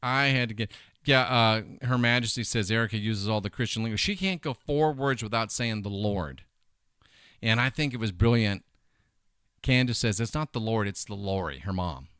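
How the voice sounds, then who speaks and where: A middle-aged man hosting a casual commentary show, talking in an animated, emphatic way and wandering off into side points. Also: on the low side, normal speed, clean tone, dry recording, studio quality. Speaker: host.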